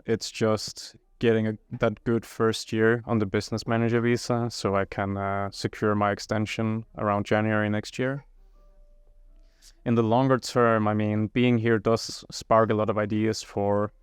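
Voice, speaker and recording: A young man with a low, smooth voice talks through his plans as an interview guest, rambling and circling back on himself. His delivery stays flat and even, and the recording is dry and close. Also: dry recording. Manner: rambling, many restarts and fillers. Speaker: guest, startup founder. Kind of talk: casual interview answers.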